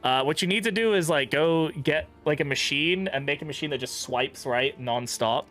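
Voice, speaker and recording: A man's voice: a little high, normal speed, a bit bright, soft background music. A young man streaming a game, chatting casually, swearing freely and laughing often. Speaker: gaming streamer. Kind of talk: casual let's-play commentary.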